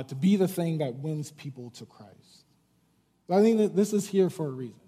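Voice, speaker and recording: A man's voice: fairly high pitch, dark tone. Man preaching in an echoing hall. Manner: conversational preaching, frequent "right?" and fillers. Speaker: pastor. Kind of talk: sermon. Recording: long hall reverb.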